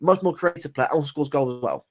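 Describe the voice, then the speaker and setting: Man, fairly high voice, rambling football chat, repeats himself. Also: fast. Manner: rambling, repeats words and says mate often. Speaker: podcast co-host.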